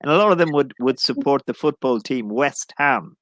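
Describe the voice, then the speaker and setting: A man's voice: mid-range voice, expressive, moderate pace, no echo. A man with an Irish accent, an English teacher in a casual live chat, rambling and jokey, often correcting himself.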